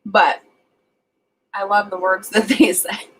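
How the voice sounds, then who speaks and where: This is a woman with a Southern US accent talking casually to her viewers on a livestream. She rambles easily from comment to comment at an ordinary pitch. A faint hum of background noise sits under her voice. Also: flat delivery, slow, fairly bright tone, rough recording. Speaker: livestream host chatting with viewers. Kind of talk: casual live chat reading comments.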